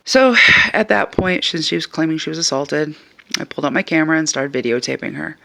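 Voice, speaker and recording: A man telling a story in a casual, animated and exasperated way. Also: a little high, fairly quick, gravelly. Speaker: vlogger.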